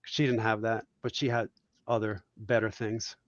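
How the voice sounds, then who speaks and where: A man's voice: on the low side, little pitch movement, normal speed, dry recording, muffled recording. A man from Puerto Rico, a guest cartoonist, telling reflective, heartfelt stories in a casual podcast chat.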